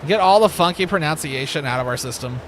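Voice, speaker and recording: A man's voice: on the high side, lively intonation, quick pace, a bit bright, slight background noise. A man chatting casually while livestreaming a game, joking, rambling and laughing often. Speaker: streamer. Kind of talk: casual gaming livestream chat.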